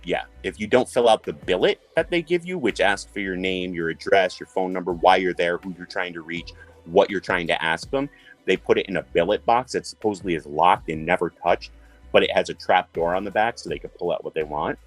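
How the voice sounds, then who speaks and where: A man's voice: sits low, brisk, soft background music. A man telling a story in a casual panel chat, acting out the people he quotes. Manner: animated, acts out quoted voices. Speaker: panel guest.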